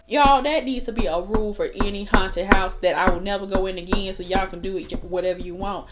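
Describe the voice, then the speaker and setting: Animated young woman with drawl. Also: mid-range voice, a little fast, few pauses, music in the background. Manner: animated, swearing, laughing often. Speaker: vlogger telling a story while doing makeup. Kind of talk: casual storytime chat.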